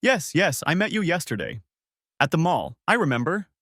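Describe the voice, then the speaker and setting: A man's voice: a little high, very animated, normal speed, fairly bright tone, dry recording, studio quality, pitched above the performer's own voice. A man voicing an awkward, apologetic young man who stammers as he tries to fit in. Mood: eager.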